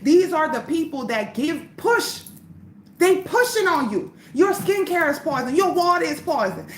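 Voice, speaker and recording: High-voiced woman ranting bluntly. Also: very animated, unhurried, reverberant, a little hiss or hum. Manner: blunt, profane, emphatic. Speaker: livestream host. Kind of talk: ranting livestream monologue.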